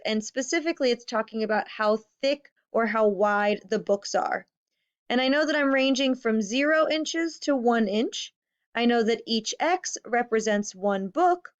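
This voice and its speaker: A woman teaching a recorded math lesson to fifth graders, patient, stressing key words and counting slowly. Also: fairly high pitch. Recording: slightly dull lo-fi audio.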